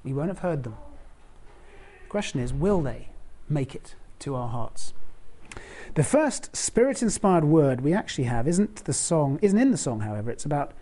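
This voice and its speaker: A preacher delivers a sermon in a relaxed, conversational way. The voice sits at a middling pitch with a mellow, warm tone. Now and then the preacher asks the listeners direct questions. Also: normal speed.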